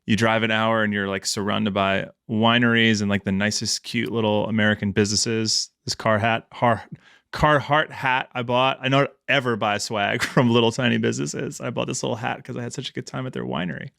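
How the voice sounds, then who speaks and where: A man's voice: on the low side, level tone, fairly quick, vocal fry, fairly bright tone, dry recording, studio quality. A man in his thirties co-hosting a podcast, chatting casually with jokes and the odd swear word. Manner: laid-back, joking, swears casually. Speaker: podcast co-host. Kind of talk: casual chat.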